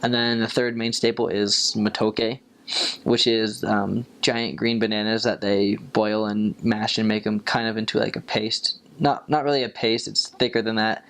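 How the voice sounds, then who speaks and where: A young man, a returned missionary, telling stories in a relaxed, casual way, with lots of fillers, and jumping up in pitch when he quotes people. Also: moderate pace. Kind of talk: casual storytelling.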